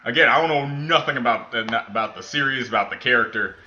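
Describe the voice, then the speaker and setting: A man's voice: mid-range voice, quick pace, bright, forceful tone, muffled recording. A man hosting a reaction video, chatting casually and rambling with frequent exclamations.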